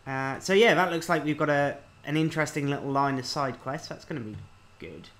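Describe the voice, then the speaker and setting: A man casually commenting on a video game as he plays, reading the on-screen text aloud and thinking out loud. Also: a little high, brisk. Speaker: let's-play host.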